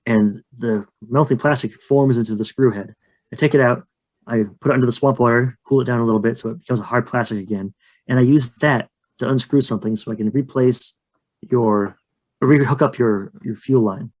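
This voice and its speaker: A man's voice: medium pitch, a little fast, a little mellow. A man co-hosting a podcast, casually narrating his moves in a tabletop role-play and joking in a chatty, rambling way. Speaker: podcast co-host and player.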